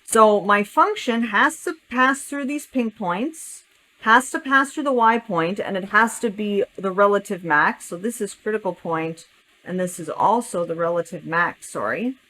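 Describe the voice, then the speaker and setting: Speaking a little slowly in a mid-range voice that sounds pushed and bright, a woman teaches calculus with lively intonation. As a math teacher sketching a graph, she reasons out loud and fixes her own mistakes step by step. There's slight background noise and the recording is rough.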